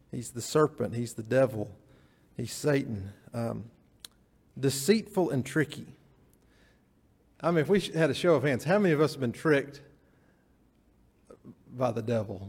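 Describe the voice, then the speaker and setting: Gravelly pastor in a church. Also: male voice, medium pitch, a little mellow. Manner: folksy, storytelling with frequent restarts. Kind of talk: sermon. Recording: church hall reverb.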